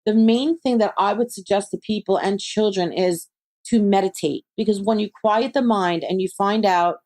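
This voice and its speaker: Her pitch sits mid-range as she guests on a podcast, a psychic medium in conversational interview. She animates her stories by mimicking friends' voices, then turns calm to offer advice.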